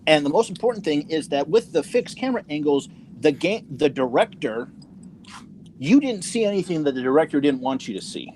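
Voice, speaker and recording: A young man in casual podcast chat, griping with real heat and restarting his sentences as he goes. His voice sits a little high. A faint hiss hangs under the recording. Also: very animated, fairly quick, a little mellow. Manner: ranting, heated, many restarts.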